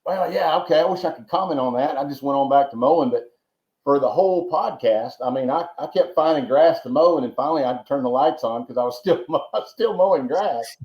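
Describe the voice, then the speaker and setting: This mellow, mid-range male voice moves fairly quickly as a podcast guest from Georgia spins long, meandering tales full of repeated words and homespun asides. The casual interview has a dull, roomy, lo-fi recording quality.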